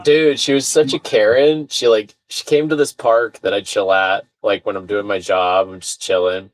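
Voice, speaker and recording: A man chatting casually on a video call, telling a rant story with swearing and acted-out shouted quotes. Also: lowish voice, fairly even intonation, normal speed, no room sound, rough recording. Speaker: podcast guest. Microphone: video call mic, sounds far away.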